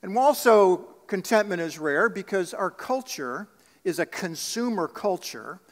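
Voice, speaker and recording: A man's voice: sits high, lively intonation, unhurried. A man preaching a sermon as pastor, earnest, asking the congregation rhetorical questions. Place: church sanctuary. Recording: long reverb of a church sanctuary.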